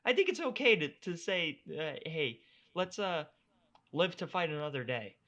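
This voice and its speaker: A man's voice: a little high, measured pace, highs cut off. A young man co-hosting a casual podcast, ranting in exasperation and swearing freely. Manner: animated, exasperated ranting with profanity. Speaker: podcast co-host. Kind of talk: casual chat.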